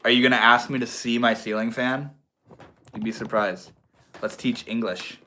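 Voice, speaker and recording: A man's voice: mid-range voice, steady tone, normal speed, bright, forceful tone, a little hiss or hum. A young man from Maine hosting a casual livestream, chatting in a slangy, laid-back way and answering viewers. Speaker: livestream host.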